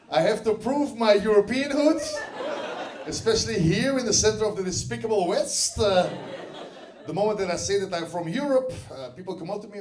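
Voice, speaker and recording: A man with a light Russian accent performing a stand-up comedy set on a club stage, with a dry, deadpan delivery. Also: sits high, background noise. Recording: roomy club sound from a distance with crowd ambience.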